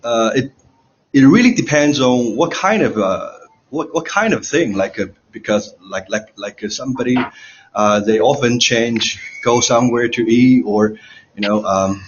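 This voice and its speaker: A man's voice: mid-range voice, normal speed, a little hiss or hum. A man from China with a Chinese accent, a student answering on an online call, hesitating with many fillers as he searches for words. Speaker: English student. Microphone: computer mic on an online class. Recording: dull lo-fi online call audio.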